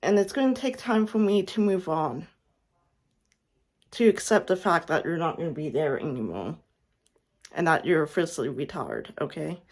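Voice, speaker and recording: A young woman, a fan vlogger with a low, animated voice, delivers an emotional farewell message while near tears. Her speech is halting and tearful, broken by frequent sighs and restarted sentences.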